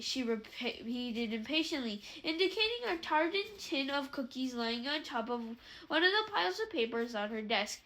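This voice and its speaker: A woman reads a novel aloud in a high, bright voice. She halts now and then and corrects her own slips as she goes. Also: very animated. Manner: halting, with self-corrections. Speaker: reader.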